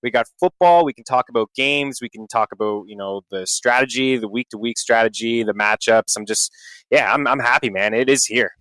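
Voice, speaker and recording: Man with a bright, crisp podcast voice. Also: mid-range voice, brisk, no echo, rough recording. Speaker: podcast co-host. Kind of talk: casual podcast chat.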